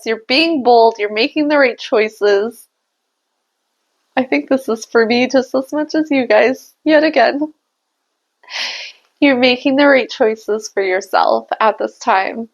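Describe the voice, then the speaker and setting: A woman's voice: a little high, creaky, highs cut off. A young adult woman giving a casual spiritual tarot reading, musing aloud and laughing at herself. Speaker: tarot reader and channeler.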